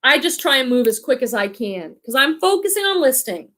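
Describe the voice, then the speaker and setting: This livestream host, a woman with a slight Boston accent from that area, keeps things chatty and upbeat while reading viewer comments aloud. She speaks briskly in a high-pitched, very animated, bright and forceful voice.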